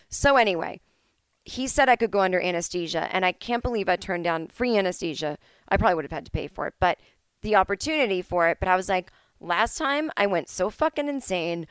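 Smooth-voiced woman chatting solo at home. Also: fairly low pitch, no room sound. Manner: animated, sarcastic, rambling asides. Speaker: podcast host. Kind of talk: solo casual chat.

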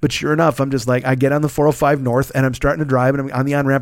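A man's voice: mid-range voice, little pitch movement, rapid-fire, hardly any pauses, dry recording. Middle-aged guy podcasting, swears a lot, rambly and self-deprecating, kinda wiped out from being sick, dry close mic. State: worn out and recovering from illness. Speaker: podcast host. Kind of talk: casual storytelling monologue.

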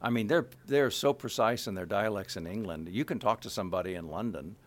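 A man from Kansas City, a voice actor, chatting in an interview with rambling, halting sentences full of restarts and asides. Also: fairly low pitch. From Kansas City, USA. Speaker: voice actor guest. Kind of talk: casual interview chat.

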